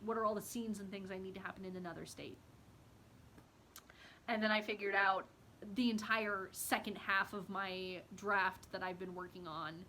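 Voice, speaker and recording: A woman's voice: mid-range voice, bright, forceful tone, a little hiss or hum. A young woman vlogging casually to the camera about her reading and writing, rambling and self-deprecating, with lots of fillers.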